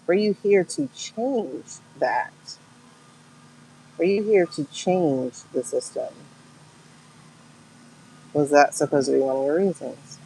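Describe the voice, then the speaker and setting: A woman with a gravelly, creaky voice doing a livestream pendulum reading. She speaks slowly and emotionally and keeps calling out to her viewers. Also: sits low, lively intonation, dark tone, slight background noise, poor audio. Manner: emotional, exclaiming, talks to viewers as "girl". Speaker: tarot and pendulum reader.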